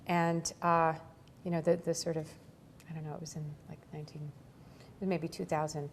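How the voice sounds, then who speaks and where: A woman in her forties chats through an interview with a fairly low voice. She tells her stories with energy, piles on fillers and laughs often, over a faint low rumble. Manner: animated storytelling, laughs often, many fillers. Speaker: actor guest. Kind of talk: casual interview chat.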